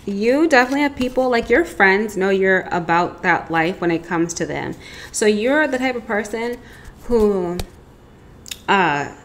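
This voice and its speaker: A woman's voice: on the high side, fairly bright tone. A woman giving a casual, chatty tarot reading, rambling with lots of asides. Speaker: tarot reader.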